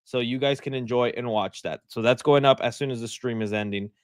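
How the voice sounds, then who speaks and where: A man's voice: medium pitch, fairly quick, clean tone, no echo, clean studio sound. A young man hosting a live stream, chatting casually, joking and laughing often as he rambles.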